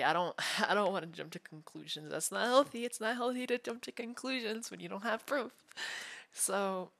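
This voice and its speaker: A man's voice: high voice, gravelly, exaggerated voice. A man voicing a whispery, clingy yandere femboy. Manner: soft, unsettling, swings between sweet and threatening. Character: obsessive young male yandere femboy, clingy and menacing. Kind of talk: whispered role-play.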